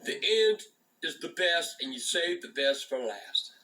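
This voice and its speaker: High, bright-voiced older man, swearing. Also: sing-song, measured pace, low-quality recording. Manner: swears constantly, repeats and restarts words. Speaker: storyteller, channel host. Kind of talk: profane rambling storytelling.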